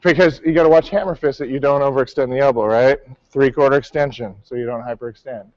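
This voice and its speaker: A man's voice: mid-range voice, steady tone, quick pace, a little mellow, no echo, highs cut off. A male martial arts instructor teaching a class, calling out counts and coaching his students. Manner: barks counts, coaching and correcting.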